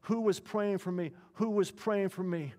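A pleading young woman, remorseful and shaken, keeps repeating her questions, as a male preacher puts her on. The voice rings with a long hall echo, and the pitch sits a little high for a man. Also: normal speed, dark tone, lightly acted. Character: distraught young adult daughter, repentant.

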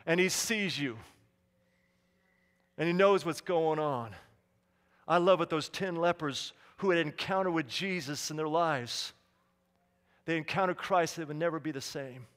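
A man preaching a sermon as pastor, dramatic, dropping to a hush and then rising to loud calls. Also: fairly high pitch, unhurried, long pauses. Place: church sanctuary. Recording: long hall reverb.

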